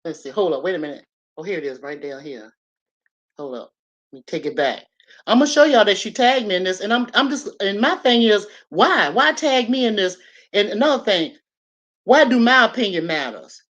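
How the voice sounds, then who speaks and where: An older woman vlogging to her viewers in a loose, rambling way. She speaks bluntly and curses often. Her voice sits at a middling pitch for a woman. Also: lively intonation, normal speed, fairly bright tone, highs cut off. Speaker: YouTube commentator. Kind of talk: casual talk to camera.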